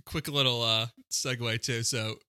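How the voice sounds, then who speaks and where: A man co-hosting a podcast, chatting casually with crude jokes and quick comic voices. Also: mid-range voice, steady tone, bright, forceful tone, clean tone, no echo, clean studio sound. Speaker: podcast co-host. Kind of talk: casual profane chat.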